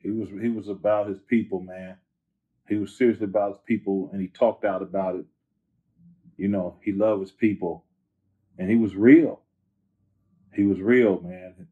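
A man from Northern California chatting as an interview guest, slangy and animated, repeating phrases for emphasis. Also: sits low, normal speed, pauses often, husky. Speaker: rapper guest. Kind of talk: casual interview chat. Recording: tinny phone-like line.

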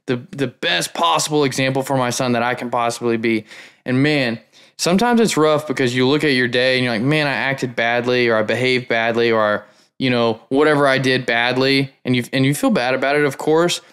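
A man's voice: mid-range voice, fairly even intonation, normal speed, fairly bright tone, clean tone. Enthusiastic male host, clean resonant voice, easygoing chatty delivery. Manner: enthusiastic, frequent fillers like man. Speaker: podcast host. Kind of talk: conversational podcast talk.

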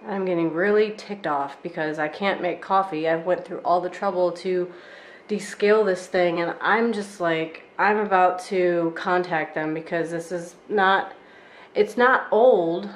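A woman's voice: fairly low pitch, fairly even intonation, a little slow. A woman vlogger chatting casually and wryly from her home kitchen about her errands and chores. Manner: chatty, wry and exasperated. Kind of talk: casual vlog chat.

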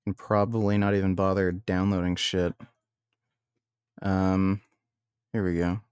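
A man streamer ranting in blunt, profane, scornful tones, with halting restarts when worked up. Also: low-pitched, flat delivery, darkish tone, smooth, dry recording. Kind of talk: reaction stream rant.

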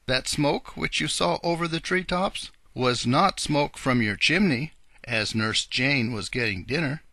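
A man voicing kindly old Mother Goose, who speaks gently and matter-of-factly. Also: mid-range voice, measured pace, no room sound, voice pushed up. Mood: regretful. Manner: gentle, matter-of-fact storyteller's tone.

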